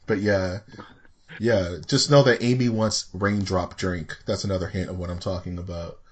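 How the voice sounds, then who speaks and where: A man with a low voice hosts a casual podcast, speaking at a moderate pace with fairly even intonation. He's playful, joking around and tossing in movie references.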